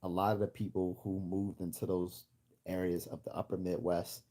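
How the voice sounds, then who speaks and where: A man's voice: low-pitched, flat delivery, normal speed, dark tone. A man from Baltimore hosting a livestream, chatting casually and rambling with many restarts while he answers chat comments. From Baltimore, USA. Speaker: livestream host.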